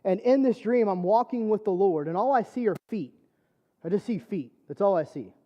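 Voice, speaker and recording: A man's voice: high-pitched, expressive, moderate pace, dark tone, dull audio. A man preaching a personal testimony sermon, telling his story conversationally with lots of fillers. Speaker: church speaker.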